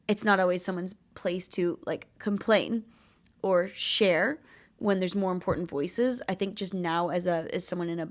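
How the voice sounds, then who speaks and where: A woman in her late twenties hosting a podcast, talking earnestly in a rambling, casual confessional way, full of fillers. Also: mid-range voice. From Canada. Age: late 20s. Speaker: podcast host.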